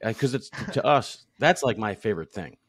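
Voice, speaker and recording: Low-voiced podcast host asking rambling questions. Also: male voice, animated, brisk. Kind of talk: casual podcast chat.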